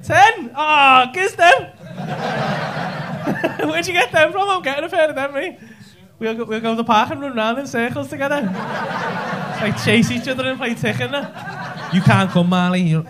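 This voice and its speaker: A man with a very high-pitched voice, speaking a little slowly, does crude, teasing crowd work as a stand-up comedian on a club stage, laughing through his own jokes. It's a live club recording full of noise and the audience laughing.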